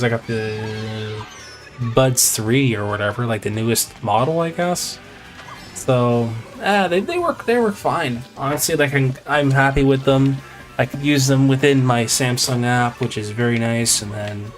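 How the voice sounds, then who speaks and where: A man live-streaming a video game, chatting casually in a rambling, exasperated way with mild swearing. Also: mid-range voice. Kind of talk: casual chat while playing. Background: faint video game music.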